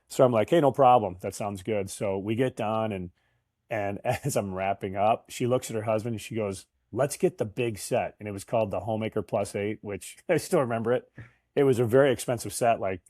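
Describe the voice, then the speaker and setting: A man in his fifties, a guest in an interview, tells chatty anecdotes in casual storytelling, laughing and restarting often. His pitch is fairly low with a darkish tone, recorded clean in a studio with no echo.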